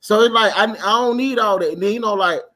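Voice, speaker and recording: A young adult man hosting a casual chat show, telling a profane story loudly and with shouted bursts. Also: high voice, fast talker. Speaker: podcast host.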